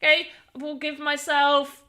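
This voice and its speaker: British woman, high bright voice, tired and rambling, casual streamer chatter. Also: level tone, unhurried. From Britain. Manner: rambling, self-deprecating, often restarts words. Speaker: livestreamer. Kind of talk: casual live-stream chat.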